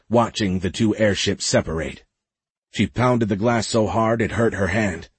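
A man reads a science-fiction audiobook in a steady, dramatic way. His voice is low and husky. The recording is dry and close, with no room sound. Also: no echo. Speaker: audiobook narrator. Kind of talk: scripted narration.

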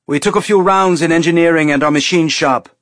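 A man voicing a young male ship captain who gives brisk radio replies. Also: fairly high pitch, a bit bright, no echo, studio quality, pitched above the performer's own voice, natural voice.

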